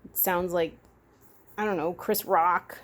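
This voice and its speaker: A woman's voice: on the low side, fairly even intonation, takes it slowly. Chatty woman ranting outdoors by traffic. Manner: chatty, rambling, with laughs and asides. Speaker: vlogger. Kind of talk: casual rambling rant. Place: outdoors by a freeway. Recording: faint traffic noise outdoors.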